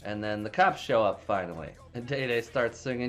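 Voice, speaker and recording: A man's voice: medium pitch, expressive, a little fast, a bit bright, soft background music. A man casually recapping a movie plot, rambling with frequent restarts and plenty of swearing. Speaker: movie reviewer.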